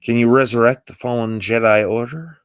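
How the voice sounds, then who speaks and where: A man voicing a dry-witted exiled Jedi master with a sardonic, lively delivery. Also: medium pitch, moderate pace, clear, resonant tone, no room sound, lightly acted. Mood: wry. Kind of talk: amateur script read-through.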